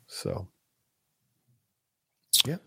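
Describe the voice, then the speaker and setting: A man's voice: extremely slow, pushed and bright, dry recording, clean studio sound. A man co-hosting a casual podcast, rambling enthusiastically about movies and swearing now and then. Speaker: podcast co-host.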